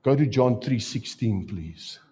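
Yeah preacher, raspy-ish, voice jumps all over. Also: male voice, mid-range voice, lively intonation, unhurried, dark tone. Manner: preaching, asks the congregation questions. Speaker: pastor. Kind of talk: sermon.

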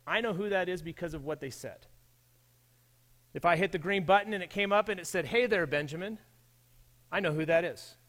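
A man's voice: sits high, fairly quick, a bit bright. A man preaching a sermon in a church, talking in a conversational way and addressing his listeners directly. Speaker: pastor.

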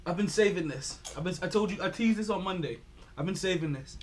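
A man's voice: high voice, fast, a little hiss or hum. A man hosting a casual sports podcast, laughing often and rambling through fight talk with lots of restarts. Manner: laughs a lot, does loud mock voices, rambles with restarts. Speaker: podcast host.

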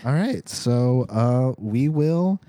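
A man's voice: medium pitch, lively intonation, very slow, dark tone, dry recording, studio quality. A man hosting as game master, joking and teasing his players in loose, rambling tabletop banter on a podcast mic. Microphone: podcast microphone.

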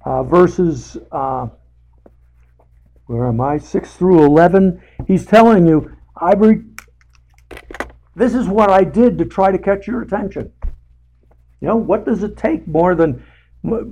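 A man leading a casual Bible study, talking haltingly with many fillers and restarts, and putting emphasis on paraphrased scripture. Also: high-pitched, gravelly, warm tone, poor audio.

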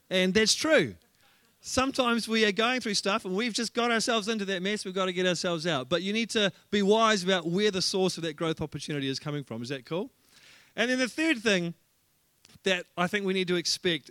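A male pastor gives a lively sermon, telling stories with humour and lots of energy. His voice is high, bright and forceful. The recording is dry and close, with no room sound at all.

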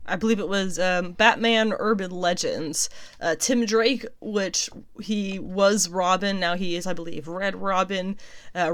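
A young adult woman hosting casual pop culture news commentary, chatty and quick to laugh, often stopping to correct herself. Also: fairly low pitch.

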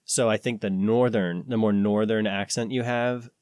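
American man, podcast co-host, low voice, meandering casual chat. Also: fairly even intonation, normal speed, a little mellow, no echo, clean studio sound. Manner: rambling, searching for words with many fillers.

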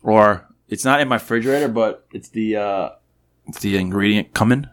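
A man's voice: fairly low pitch, normal speed. A man co-hosting a podcast, laid-back and trading crude jokes in casual chat. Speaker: podcast co-host.

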